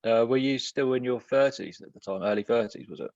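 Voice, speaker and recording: A man's voice: medium pitch, brisk, darkish tone, no room sound. A male podcast host asking short questions and agreeing briefly with his guest. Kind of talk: interviewing. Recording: dull lo-fi dry sound.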